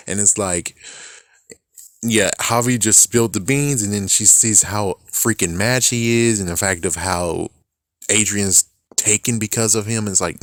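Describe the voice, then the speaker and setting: A young man casually reviewing a TV episode, animated, swearing a lot and laughing often. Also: fairly low pitch, measured pace, no room sound, clean studio sound. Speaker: show reviewer.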